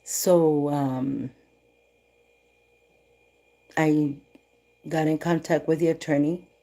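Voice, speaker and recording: A woman talks to her livestream viewers in a casual, storytelling way, voicing each person in the conversation as she goes. Her voice sits low and sounds mellow and relaxed. She slips a few Spanish phrases into her English. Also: drawn-out words. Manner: animated retelling, voicing both sides of dialogue. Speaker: livestream host.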